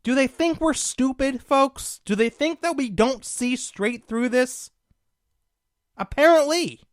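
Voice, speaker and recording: A man's voice: very high voice, slow, no echo, clean studio sound. A young man hosting a political talk show, delivering combative, sarcastic commentary and calling his listeners folks.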